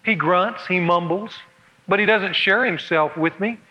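A male pastor with a high, bright, cutting voice, preaching in a humorous storytelling style. His voice rings through a church, with a long hall reverb. The recording is dull and lo-fi, like an old tape. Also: unhurried, a little hiss or hum. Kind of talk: sermon.

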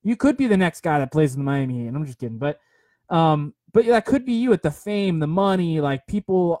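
A man's voice: a little high, lively intonation, a little fast, darkish tone, no echo. A young man giving a rambling, earnest motivational talk on a phone livestream, full of fillers and repeated words.

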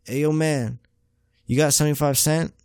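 A man's voice: a little high, steady tone, normal speed, a little mellow, no room sound, clean studio sound, pitched above the performer's own voice, lightly acted. A man voicing a homeless man who asks for spare change in a casual street drawl. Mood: pleading. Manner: casual street slang, repeated greetings.

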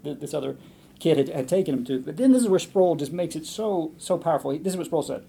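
A man preaching a sermon, retelling a long story in an animated way, with frequent restarts and quoted dialogue. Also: on the high side, quick pace, creaky, slight background noise.

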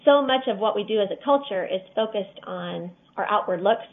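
A woman's voice: mid-range voice, lively intonation. Earnest mother on a tinny line. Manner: earnest, slow, many fillers. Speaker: guest, mother. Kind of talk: casual interview talk.

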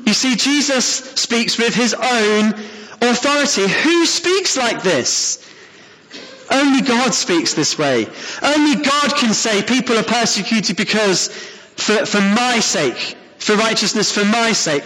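A man delivers a sermon in an earnest, emphatic manner, pressing his points with rhetorical questions. His voice sits high for a man. The sound carries a long reverb, as if the preaching fills a church hall. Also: fairly bright tone.

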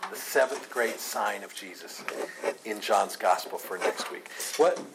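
A man's voice: lowish voice, a little slow, gravelly, background noise. A man teaching a Bible study class, earnest and emphatic, taking questions from the group.

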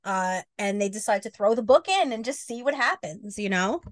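A woman co-hosting a podcast who tells a goofy story in animated casual chat, with lots of fillers. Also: mid-range voice, normal speed, dry recording. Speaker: podcast co-host.

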